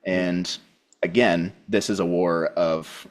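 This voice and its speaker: A man speaking calmly and reflectively as a co-host in a casual spiritual podcast conversation. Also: low voice. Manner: calm, measured, reflective.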